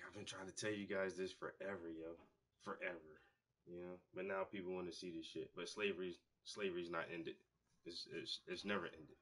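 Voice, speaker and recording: A man with a husky, breathy voice talks casually while he paints, swearing freely and slipping into the voices of people in his stories. His delivery is loose and animated, rising and falling as he gets worked up. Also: low-pitched. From United States. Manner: profane, animated storytelling with acted-out quotes. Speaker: painter and show host. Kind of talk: casual storytelling monologue.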